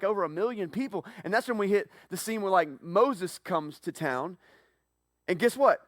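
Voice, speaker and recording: A man preaching a sermon as pastor, telling the story with animated swings from hushed to loud. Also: high-pitched, dry recording, clean studio sound.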